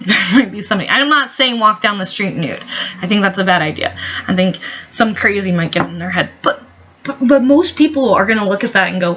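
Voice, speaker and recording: Lady ranting on her vlog, swears a lot, sarcastic, bright tense voice, kinda muffled recording. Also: mid-range voice, animated, brisk. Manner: profane, heated, sarcastic. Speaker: vlogger. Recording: dull lo-fi recording.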